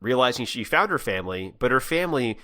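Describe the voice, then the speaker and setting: A man reads fan fiction aloud on a casual podcast, his voice bright and forward. His pitch swings freely as he narrates and trades jokes with his co-host. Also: fast talker. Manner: animated, laughing reader.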